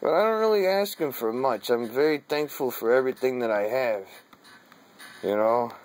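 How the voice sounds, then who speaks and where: A man's voice: medium pitch, animated, moderate pace, darkish tone. A man telling a personal story in casual, profane talk, drawling and saying "dude" often, laughing now and then. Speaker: vlogger.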